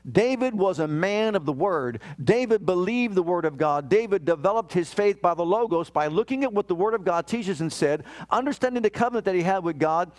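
Middle-aged male pastor, high voice, emphatic sermon delivery with scripture readings and anecdotes. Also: expressive, fairly quick, hardly any pauses. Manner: emphatic preaching, reads scripture aloud, tells family anecdotes.

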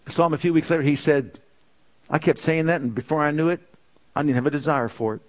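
A man's voice: fairly high pitch, steady tone. A man preaching a sermon in church, leading the congregation to repeat lines after him, stretching out phrases for emphasis. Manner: leads the congregation in call-and-response, drawn-out emphatic phrases.

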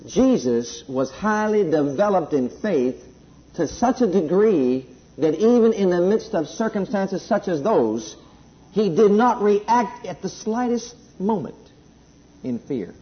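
A man preaching a sermon, emphatic at times and then dropping to a soft, slow delivery, in a dull lo-fi recording. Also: high-pitched, animated. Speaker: pastor.

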